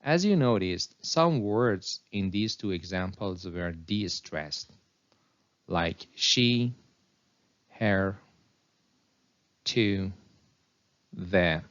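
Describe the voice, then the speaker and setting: A man narrating a scripted English pronunciation lesson, reading example sentences slowly and deliberately. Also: sits low, expressive, fairly bright tone, muffled recording.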